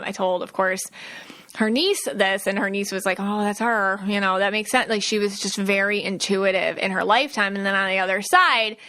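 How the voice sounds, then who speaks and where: Chatty podcast lady, bright voice, lots of likes and restarts, acts out quotes. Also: mid-range voice. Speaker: podcast host and psychic medium. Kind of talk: casual solo podcast monologue.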